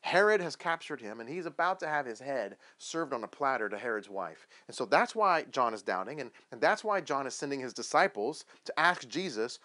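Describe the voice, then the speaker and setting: Animated male preacher, lively pitch. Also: fairly quick, hardly any pauses. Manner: animated storytelling, acting out biblical voices with questions. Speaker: pastor. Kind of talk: sermon.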